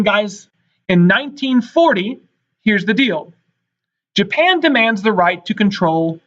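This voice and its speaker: A man with a high, slightly bright voice teaches a history lesson in a classroom lecture, speaking emphatically to his students and often checking in with "all right" and "guys." The recording sounds dull and lo-fi.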